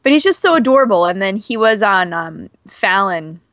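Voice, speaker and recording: A woman's voice: mid-range voice, lively intonation, normal speed, a bit bright, no room sound, studio quality. A woman co-hosting a podcast in casual chat, gushing and chatty with lots of fillers. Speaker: podcast co-host.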